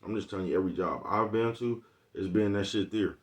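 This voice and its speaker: Deep-voiced man ranting casually on a livestream. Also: brisk. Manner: streetwise slang, keeps asking "you know what I'm talking about". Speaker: livestream vlogger.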